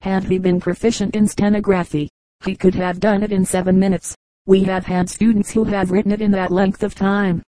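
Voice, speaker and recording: A matter-of-fact male instructor, as a woman reads him in a storybook, lecturing in an even, level tone. The voice is warm and low, and the recording is dry. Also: a little fast, no room sound, close to an everyday voice, poor audio. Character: formal male shorthand instructor addressing a class.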